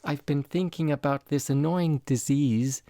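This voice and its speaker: A man reading the part of a dying elderly mother, speaking softly and tenderly. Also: on the high side, unhurried, dry recording, pitched above the performer's own voice. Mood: musing. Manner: soft, tender, reflective.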